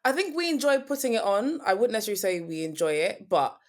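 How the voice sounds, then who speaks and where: A woman's voice: medium pitch, very animated, quick pace. A woman from the UK with a British accent, a friendly guest on a podcast who laughs easily and pokes fun at herself. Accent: British English. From United Kingdom. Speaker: guest, personal finance author. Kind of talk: casual podcast interview.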